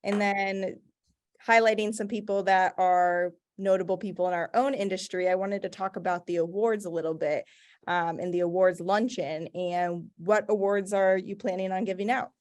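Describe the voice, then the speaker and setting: A woman's voice: medium pitch, fairly even intonation, moderate pace, a little mellow. A woman hosts a trade podcast and puts questions to her guests. She keeps things friendly and upbeat. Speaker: podcast host. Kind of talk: interviewing guests.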